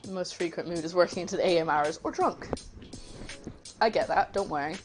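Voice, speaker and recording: A woman's voice: on the low side, brisk, faint music behind. A woman hosting a cooking livestream, chatting casually and rambling, laughing easily as she greets her chat.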